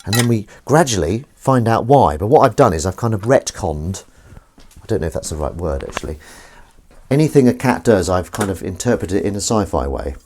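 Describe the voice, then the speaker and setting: A man talks casually in his kitchen while washing up, wandering off topic and poking fun at himself. His pitch swings up and down freely as he chats and coos at a cat. The faint clatter of dishes and cutlery sits behind him. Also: expressive, a little fast, darkish tone, slight background noise. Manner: rambling, self-mocking, coos at his cat. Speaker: live streamer. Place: home kitchen. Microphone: desk microphone.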